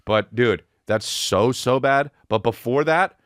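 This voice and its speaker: Taking his time, this male podcast host delivers a casual comedic rant, rambling, swearing, and getting animated, sometimes slipping into bits of song. His voice is mid-range, and the clean studio sound has no echo.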